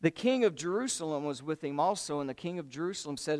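High-voiced, smooth-toned man preaching. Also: animated, fast. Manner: colloquial storytelling, acts out the characters' lines. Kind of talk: sermon retelling a Bible story.

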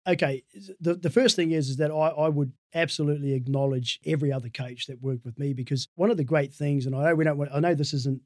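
A man's voice: on the high side, fairly even intonation, fast talker, hardly any pauses, no room sound, clean studio sound. An Australian man, a sports team's head of performance, telling rambling stories in a casual interview and laughing at his own tales.

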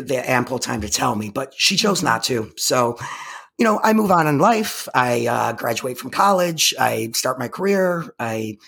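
A woman speaks as an interview guest, telling her own story with emphatic intensity. Her voice is gravelly and husky. She keeps repeating words and starting her sentences over. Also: very deep voice, a bit bright. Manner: halting, with frequent repeated restarts. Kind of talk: personal storytelling in conversation.

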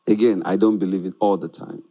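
A man preaching a sermon in an animated way, often laughing and acting out the people in his stories. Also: sits low, fairly quick.

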